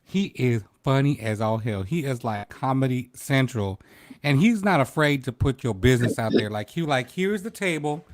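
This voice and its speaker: A relaxed male host chats on a livestream, laughing easily. His voice sits mid-range and sounds dry and close, with no room echo. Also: medium pitch, moderate pace. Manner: laid-back, chatty, laughs often. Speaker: talk show host. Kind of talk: casual livestream interview.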